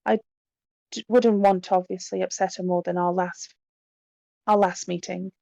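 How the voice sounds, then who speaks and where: A woman voicing a demure young spirit medium who is polite and a little unsettling, speaking softly and courteously with small hesitations. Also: lowish voice, level tone, normal speed, vocal fry, dry recording, dull audio.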